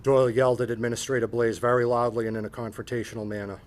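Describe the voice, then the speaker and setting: A man chairing a town board meeting, reading findings of fact in a measured, formal and procedural way. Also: mid-range voice, little pitch movement.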